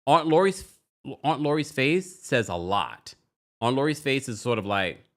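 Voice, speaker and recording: A man's voice: mid-range voice, lively intonation, measured pace. A man hosting a live stream, chatting casually and reading viewer comments aloud as he goes. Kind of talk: casual live recap chat.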